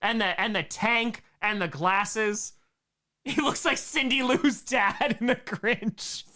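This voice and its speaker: A man hosting a live stream, reacting to his own home videos with excitable, self-mocking jokes. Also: sits high, slow. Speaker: streamer host.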